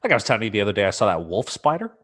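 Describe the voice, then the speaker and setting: Lively, animated man telling a story. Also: on the low side, racing. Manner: animated storytelling, swearing, acting out his own alarm. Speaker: podcast co-host. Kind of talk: casual podcast chat. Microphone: computer mic, remote call.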